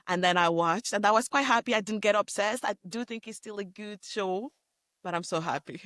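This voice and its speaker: A woman co-hosting a podcast, agreeable and a little halting, often laughing along as she talks about a TV show. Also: mid-range voice, a bit bright, dry recording, clean studio sound. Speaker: podcast co-host. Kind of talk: casual chat recapping a TV show.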